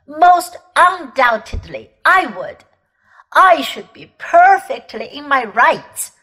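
A woman voicing a pompous, indignant old gentleman ranting about his grievances. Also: high-pitched, big pitch swings, slow, exaggerated voice, rough recording.

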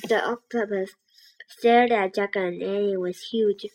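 A woman reads a children's adventure book aloud at a slow, careful pace. Her voice is husky, and she often stumbles and restarts words. Her pitch sits in a middle range. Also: fairly even intonation, darkish tone, rough recording. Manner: halting, frequent restarts on words. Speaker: reader.

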